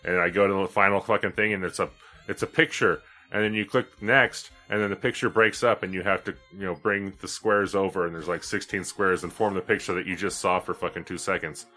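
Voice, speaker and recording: A man with a very low, bright, forceful voice co-hosting a podcast. He chats casually and tells stories with a crude, self-mocking edge. Faint music plays behind him. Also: steady tone, brisk. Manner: profane, self-mocking storytelling. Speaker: podcast co-host.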